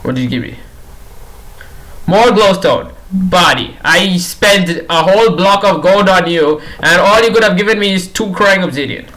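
On a rough recording, a young gaming YouTuber talks at normal speed in a high, bright, forceful voice while playing a game. His casual commentary teases and begs the characters on screen, and he repeats himself out of exasperation.

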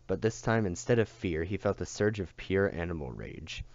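A man reading a novel aloud in a steady, unhurried way, on a dull lo-fi recording. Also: low-pitched. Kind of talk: audiobook reading.

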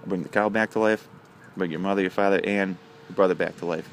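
A man's voice: low voice, fairly even intonation, fast talker, slight background noise. A man voicing a scheming female leprechaun who lays out bargains in a matter-of-fact way. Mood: bargaining. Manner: matter-of-fact deal-making.

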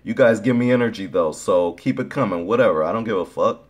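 A man with a very deep, low-pitched voice talks straight to his viewers in a casual opinion vlog. He is blunt and sarcastic and swears freely. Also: a little fast, breathy edge. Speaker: YouTube vlogger.

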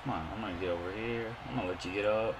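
A man giving casual, joking let's play commentary, reacting excitedly to the game and trash-talking his opponent. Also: lowish voice, rapid-fire, very noisy. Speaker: gaming YouTuber.

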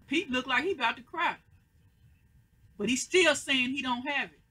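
An American recap host talks through a TV episode at home on a webcam mic. The voice is bright and a little husky. Quoted lines get played out with growing emphasis. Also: high-pitched, moderate pace, low-quality recording. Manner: retells scenes, acting out quoted lines with rising emphasis. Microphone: computer webcam mic.

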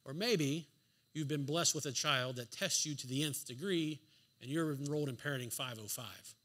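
With a fairly bright voice on the high side and a moderate pace, a man preaches in a church sanctuary. He drives his points home through emphatic rhetorical questions, sprinkling in an occasional dry sarcastic remark.

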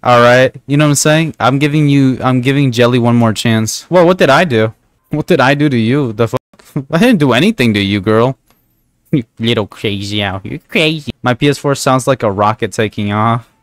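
A man's voice: mid-range voice, moderate pace, no room sound. A man streaming a game, telling a long rambling story in a casual, profane way, constantly asking "right?". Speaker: gaming streamer. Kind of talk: casual storytelling while gaming.

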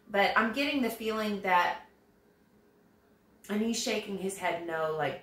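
A woman's voice: mid-range voice, a little slow, long pauses, fairly bright tone. A woman giving a tarot reading to her viewers, talking in a chatty, reassuring way. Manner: conversational, reassuring, acts out quoted voices. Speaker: tarot reader. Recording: roomy echo.

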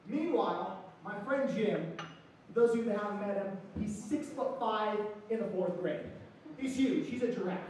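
A man performs a stand-up comedy set, telling brash stories and acting out loud quoted lines. His voice carries a heavy room echo. The mic sits some distance away, with a faint ambience of the room underneath. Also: high-pitched, a little hiss or hum. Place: comedy stage.

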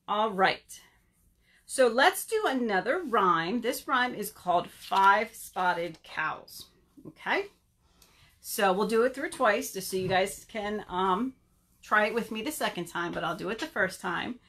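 A woman, a children's librarian, reading a story aloud at home for a virtual storytime, expressive and talking directly to the kids. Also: mid-range voice, a little slow.

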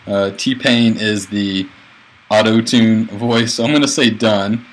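Low-voiced male teacher screencasting. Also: steady tone, low-quality recording. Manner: plain, a bit halting, narrating his clicks. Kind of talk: screencast tutorial.

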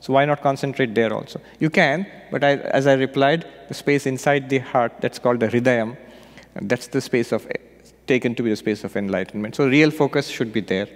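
A man, a monk and spiritual teacher, giving an unhurried meditation retreat talk with gentle storytelling and light humor. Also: mid-range voice. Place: retreat hall. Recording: long hall reverb.

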